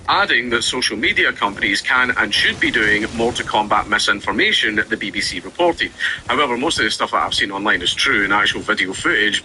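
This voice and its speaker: A man's voice: mid-range voice, bright, forceful tone, a little hiss or hum, rough recording. A man giving sarcastic, ranting commentary, reading news aloud and then mocking it. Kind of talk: ranting commentary over gameplay.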